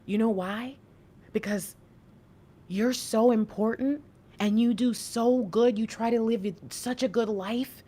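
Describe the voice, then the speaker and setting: A woman in her thirties with a fairly high voice, hosting a spiritual reading livestream. She talks to her chat in an animated, preaching style. Her tone is lively and direct. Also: takes it slowly. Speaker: intuitive reader and livestream host.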